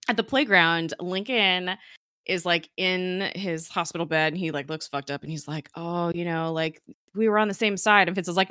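A woman co-hosting a podcast recaps a TV episode in casual chat from her home office, chatty, full of filler, and laughing often. Her voice is on the low side, pushed and bright, clear and resonant at normal speed, with clean studio sound and no room sound.

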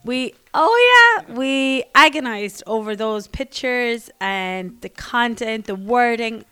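A wry Irish woman of forty, talking casually on a podcast in a smooth, clear voice with a slightly high pitch. She laughs easily and goes soft and low when she acts out her own thoughts. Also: slow. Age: 40s. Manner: wry, laughing, drops to a soft muttering voice when quoting herself. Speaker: podcast co-host. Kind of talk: casual chat.

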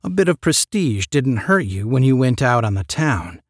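A man reading a science fiction short story aloud in a measured, steady narrating voice. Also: medium pitch, no room sound, clean studio sound. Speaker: audiobook narrator.

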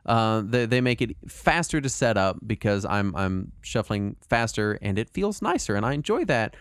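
A man co-hosting a casual podcast chat, talking in a rambling, animated way with lots of fillers and restarts. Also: on the low side, moderate pace, dry recording, clean studio sound. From Texas. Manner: rambling, animated, puts on silly voices when quoting people. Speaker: podcast co-host.

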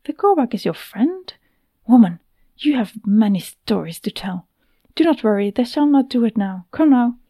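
A woman's voice: a little high, sing-song, moderate pace, mellow, breathy edge, dry recording. A woman doing a pushy, teasing young woman. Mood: coaxing. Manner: chatty, talks over others, teasing.

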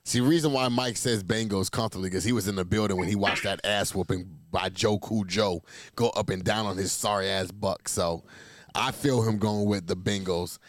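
A man co-hosting a casual sports talk show, brash and profane, trash-talking with animated swings. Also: fairly low pitch, normal speed, dry recording. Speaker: podcast co-host.

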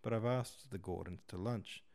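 A man's voice: on the low side, moderate pace, creaky, a little mellow. Man reading as a hurt, insistent young woman. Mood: pleading. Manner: pleading, then flaring up.

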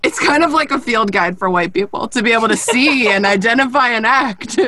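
A woman's voice: a little high, a little fast, sharp tone. A woman hosting a podcast, chatting casually, swearing freely and laughing often. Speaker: podcast host.

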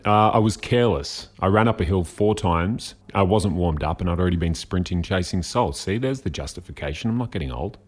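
Deep-voiced man chatting. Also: expressive, brisk. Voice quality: deep baritone. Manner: rambling, self-mocking. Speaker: podcast host. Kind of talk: casual chat. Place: home garage.

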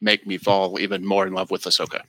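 A man's voice: low voice, monotone, fast talker, fairly bright tone, no room sound, low-quality recording. A man co-hosting a casual podcast chat, frank and joking. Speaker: podcast co-host.

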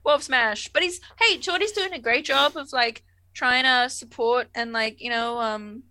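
A woman in casual conversation, recapping a show with lively reactions and plenty of swearing. Her voice is bright and a little high. The sound is close and dry. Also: normal speed, no room sound. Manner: animated, swears freely, acts out characters in quotes. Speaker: podcast co-host. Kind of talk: casual chat recapping a TV episode.

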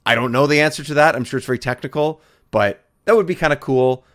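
A man's voice: medium pitch, fast, hardly any pauses, fairly bright tone. A man guesting on a gaming podcast, chatty and easygoing, laughing often. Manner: chatty, laughs easily, many restarts. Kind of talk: casual gaming chat.

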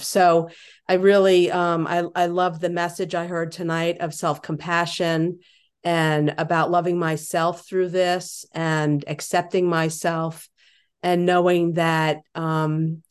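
Slow, reflective woman sharing. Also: lowish voice, level tone, clear, resonant tone. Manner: reflective, hesitant, many fillers. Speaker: meeting member sharing. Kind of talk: personal recovery share. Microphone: video call.

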